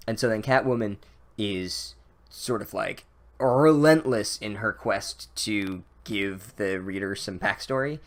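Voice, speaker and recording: A man with a fairly low voice rambles through a comedic book recap. He is sarcastic and profane, and keeps restarting his sentences and piling on "like.". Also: unhurried.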